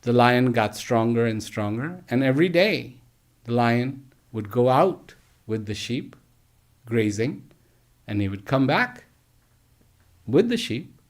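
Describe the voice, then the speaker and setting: A man giving a slow storytelling talk to teachers, gentle and emphatic, with repeated phrases and pauses. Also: medium pitch. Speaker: speaker addressing teachers. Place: live online address.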